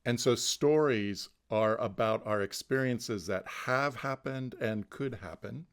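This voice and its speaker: A man's voice: mid-range voice, slow pace, clean tone. A man facilitating an online mindfulness class, talking through ideas in a thoughtful, casual way that often restarts words and laughs easily. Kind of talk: casual teaching chat. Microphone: online video call.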